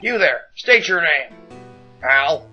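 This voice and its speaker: Guy doing a gruff loud cop voice, blunt, kinda high pitched, muffled audio. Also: fairly quick, faint music behind, close to an everyday voice. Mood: boisterous. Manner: loud and blunt, tacks on "pal".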